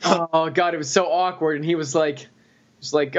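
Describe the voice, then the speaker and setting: A man's voice: on the high side, fairly even intonation, normal speed. A young man co-hosting a podcast in casual chat, rambling, swearing and laughing often. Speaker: podcast co-host. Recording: dull lo-fi podcast audio.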